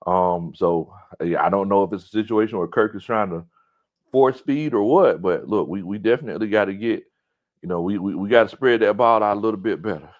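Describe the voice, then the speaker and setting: A man's voice: fairly low pitch, a little fast, dull audio. A man hosting a casual sports talk stream, reading viewer comments aloud with loose, stumbling speech and frequent laughter. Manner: loose, repeats words, laughs often. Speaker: sports talk show host.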